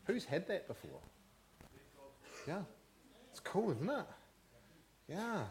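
Pastor, male, slightly higher voice, lively preaching delivery that keeps asking the congregation questions. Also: moderate pace. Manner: animated, asks the congregation questions. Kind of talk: sermon.

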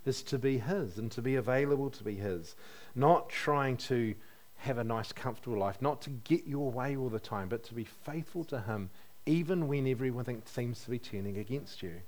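A man's voice: medium pitch, moderate pace, darkish tone. A man preaching a sermon in a conversational way, asking his listeners questions and adding light humor.

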